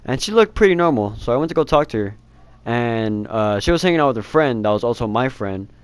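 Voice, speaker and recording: A man's voice: mid-range voice, animated, quick pace, clear, resonant tone, no room sound. A teenage boy telling a rambling storytime, laughing and swearing casually. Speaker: vlogger.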